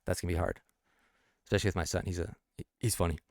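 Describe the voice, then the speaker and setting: A man with a fairly low voice talks loosely on a late-night stream, thinking aloud as he unpacks his own song lyrics. He stumbles, restarts and breaks into easy laughs. The sound is dry and close, with no room echo. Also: fairly even intonation, fast talker. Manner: rambling and thinking aloud, with many restarts and self-corrections; laughs easily between explanations. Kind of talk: casual late-night livestream talk.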